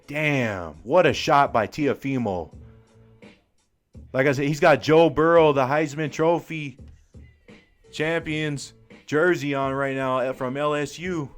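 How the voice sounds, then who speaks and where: A young man doing live fan commentary on a boxing match, excited and slangy, full of exclamations. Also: fairly high pitch, slow pace, long pauses, faint music behind.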